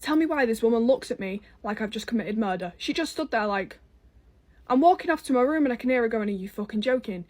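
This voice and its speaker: A woman's voice: a little high, animated, fast, darkish tone. A young woman with an English accent telling a personal story in a casual, blunt way, swearing freely, exasperated and amused.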